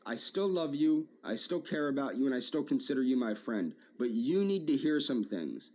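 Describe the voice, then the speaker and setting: A man's voice: mid-range voice, sing-song, moderate pace, a little mellow, dull audio. A man in a video rant, hurt and aggrieved, repeating his phrases as he addresses a former friend.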